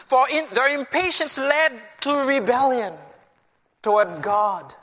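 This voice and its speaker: Man preaching, high bright voice, emphatic, long hall reverb. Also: slow pace. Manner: emphatic, asks the audience rhetorical questions. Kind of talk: sermon.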